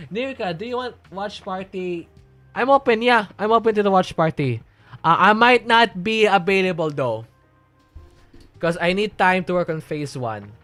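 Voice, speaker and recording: A man's voice: fairly high pitch, a bit bright. Chatty young man streaming, music behind. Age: young adult. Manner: rambling, chatty, laughs often. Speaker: streamer reading chat. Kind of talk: casual livestream chat.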